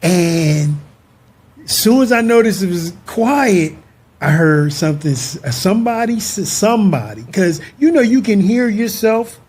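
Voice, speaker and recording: Husky, high-voiced man. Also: a little slow. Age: 50s. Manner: expressive, earnest, breaks into laughter while recounting. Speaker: guest, husband. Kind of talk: emotional personal storytelling.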